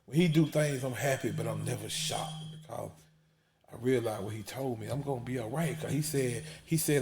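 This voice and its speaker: A man's voice: medium pitch, moderate pace. A man, testifying in an emphatic preaching style that repeats words and drops almost to a whisper when emotional. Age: 40s.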